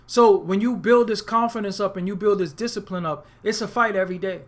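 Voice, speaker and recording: Profane Brooklyn man, high voice. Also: a little fast. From Brooklyn, New York. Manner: profane, streetwise, emphatic storytelling. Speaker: webcast host. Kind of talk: unscripted monologue to viewers.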